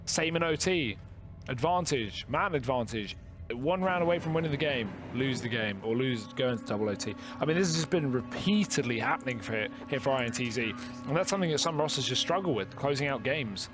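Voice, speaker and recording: A man commentating a competitive shooter match, calling plays quickly and joking with his co-caster. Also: mid-range voice, animated, music in the background. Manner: jokey banter between calls. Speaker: esports caster. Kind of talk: play-by-play commentary.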